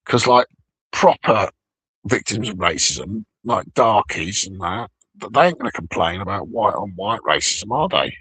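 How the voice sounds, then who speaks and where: A man's voice: lowish voice, lively intonation, a little slow, a bit bright, husky, dry recording, poor audio. A man rambling through a crude, profane monologue. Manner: rambling, crude, heavy swearing. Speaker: vlogger.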